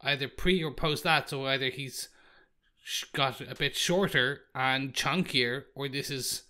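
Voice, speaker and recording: A man's voice: mid-range voice, unhurried, pushed and bright. A podcast co-host in casual chat, thinking aloud and correcting himself as he goes. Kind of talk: casual chat reviewing a film.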